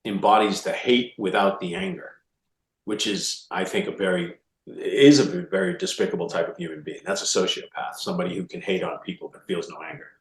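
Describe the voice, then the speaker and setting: Low-voiced animated man in a roomy space. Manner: animated, quick restarts and repeated words. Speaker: author guest. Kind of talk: casual interview conversation. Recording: roomy echo.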